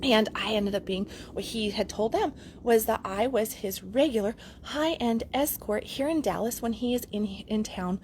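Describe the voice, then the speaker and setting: A woman's voice: fairly high pitch, normal speed, hardly any pauses, darkish tone, a little hiss or hum. A middle-aged woman, a relationship coach, telling a candid story to her camera in a chatty vlog, laughing easily. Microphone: camera mic.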